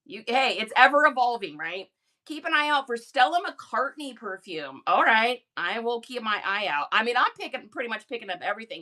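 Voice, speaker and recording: A woman hosting a live stream in casual chat, energetic and chatty with quick laughs. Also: fairly high pitch.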